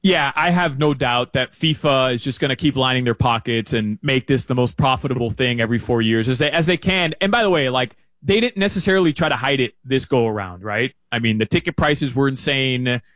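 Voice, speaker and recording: A man talking through soccer picks in a rambling, animated way, full of fillers and restarts, as a guest on a sports chat show. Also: mid-range voice, a little fast, few pauses, dry recording. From Uruguay fan living in Miami.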